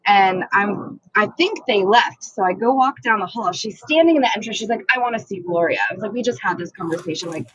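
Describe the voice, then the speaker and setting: A woman's voice: medium pitch, animated, brisk, a bit bright, dull audio. A woman co-hosting a podcast, telling a story in casual chat and swearing a lot as she acts out the people in it. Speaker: podcast co-host.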